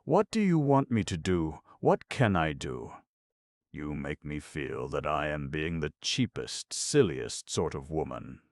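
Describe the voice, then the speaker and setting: A man's voice: very deep voice, animated, slow pace, no room sound, clean studio sound, heavily acted. A man voicing a pleading middle-aged woman. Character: anguished middle-aged woman in forbidden love. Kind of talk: audiobook character voice.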